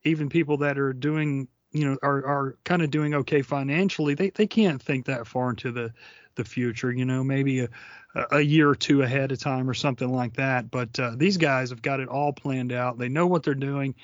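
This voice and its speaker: A man's voice: medium pitch, normal speed, no echo, highs cut off. A man hosting a podcast, talking casually and hesitantly, often repeating words. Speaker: podcast host. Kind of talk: casual chat.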